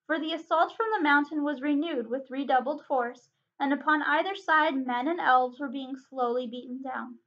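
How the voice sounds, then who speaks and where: Brief: woman librarian narrating a storybook aloud, high voice, expressive and steady, muffled lo-fi sound.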